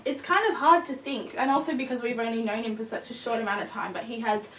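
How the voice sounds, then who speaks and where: Talking fast in a slightly high, fairly bright voice, the new-puppy vlogger rambles casually with frequent fillers and a bit of tiredness. The mic is distant in an echoey room, and there's a little hiss or hum.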